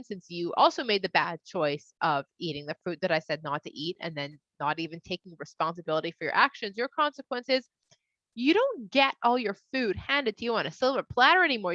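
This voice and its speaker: A woman's voice: medium pitch, fairly quick, no echo, lo-fi sound. Woman voicing a patient, lecturing God. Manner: calm, explaining, casual slang.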